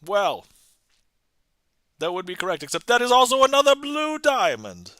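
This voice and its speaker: Guy putting on a old-timey huckster voice, bright and tense, teasing the mark like a 1920s radio man. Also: extremely high pitch, huge pitch swings, normal speed, dry recording, clean studio sound, voice pushed up, heavily acted. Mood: hustling showman. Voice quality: strained throat. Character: fast-talking 1920s male card-game huckster. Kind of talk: live-streamed magic trick patter.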